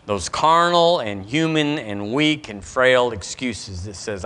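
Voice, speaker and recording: A pastor, preaching emphatically and reading scripture with lively asides. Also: male voice, medium pitch, takes it slowly, hardly any pauses. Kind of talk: sermon.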